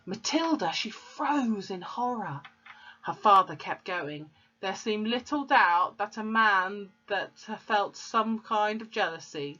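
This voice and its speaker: A woman's voice: mid-range voice, expressive, slow, bright, forceful tone. A woman reading a storybook aloud to children and explaining the pictures and words as she goes. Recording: dull lo-fi recording.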